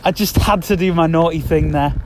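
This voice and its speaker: A man in his thirties talks in a loose, meandering way, circling back and repeating himself. His voice sits a little high for a man. A faint hiss of traffic runs underneath. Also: a little fast. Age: 30s. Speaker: podcast host. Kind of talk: rambling casual monologue. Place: outdoors walking around the block.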